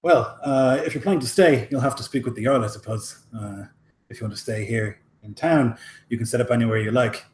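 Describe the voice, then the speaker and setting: A man's voice: medium pitch, brisk, a little hiss or hum, natural voice. A game master doing a welcoming harbor townsman, fumbling and chatty, echoey room. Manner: hospitable, hesitant with many fillers. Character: welcoming male dockside townsman, chatty host.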